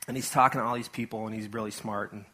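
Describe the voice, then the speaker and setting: A man's voice: lowish voice, steady tone, fast talker, pushed and bright, slightly rough. A man preaching a sermon to his church in a casual, conversational way, full of asides and acted-out quotes. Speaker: pastor.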